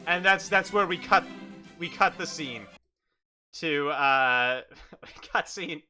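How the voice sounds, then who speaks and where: A man narrates an improvised tabletop game as game master. His voice sits high and rings very bright. He laughs often as he tells the scene, with faint music playing underneath. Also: slow. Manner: lively, laughing storyteller.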